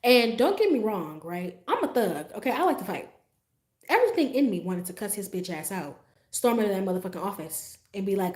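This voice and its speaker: A woman livestreaming tells a story straight to her viewers in a loose, profane, animated way, acting out her own reactions as she goes. Her pitch sits in the ordinary middle range. The voice carries a roomy echo. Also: brisk. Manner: talks straight to her viewers with frequent asides. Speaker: livestream host telling a story. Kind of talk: casual storytime monologue.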